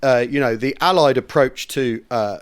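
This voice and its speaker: A man's voice: mid-range voice, normal speed, clear, resonant tone. A man co-hosting a casual history podcast, reading a listener's letter aloud with relish and chatting. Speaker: podcast co-host.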